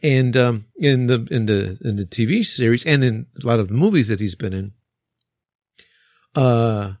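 A man's voice: medium pitch, unhurried, darkish tone, no room sound, clean studio sound. A man who teaches English, chatting casually and rambling with fillers and restarts. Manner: rambling, many fillers and restarts, laughs often. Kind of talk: casual podcast chat.

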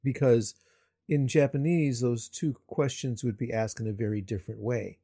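Man, teacher, husky, dry close recording, halting restarts, wry. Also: mid-range voice, steady tone, warm tone, no echo. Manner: hesitant restarts, repeated words, joking asides. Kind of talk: conversational discussion about teaching.

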